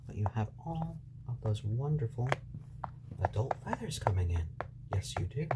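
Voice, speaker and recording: A man hosting a live stream, talking softly to his baby chicks in a low-key, soothing way and answering viewers' questions. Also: animated, moderate pace, very noisy. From born in Japan to British parents.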